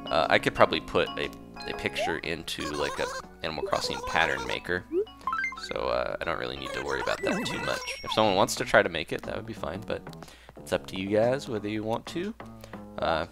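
A man giving relaxed, rambling commentary while playing a cozy video game, often restarting his sentences. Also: very deep voice, brisk, gravelly. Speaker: gameplay commentator. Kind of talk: casual let's-play commentary. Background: game music.

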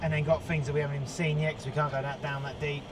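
A man's voice: a little high, little pitch movement, rapid-fire, crowd noise, low-quality recording. A laid-back man riding along in a car, chatting casually and cracking dry jokes. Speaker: travel companion. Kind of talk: casual chat. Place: in a car on the road.

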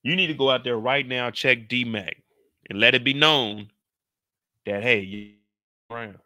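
A brash man breaks down a TV episode in loose, slangy talk. His voice is sharp and forceful, recorded close and dry with no room sound. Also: mid-range voice, measured pace, no room sound. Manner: boastful, animated, slangy. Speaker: YouTube show recapper. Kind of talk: casual TV recap commentary.

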